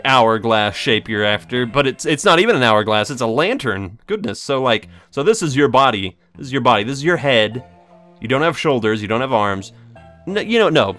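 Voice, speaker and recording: A man's voice: medium pitch, fairly bright tone. A young man giving casual, jokey gameplay commentary with sarcastic, rambling asides. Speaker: let's play host.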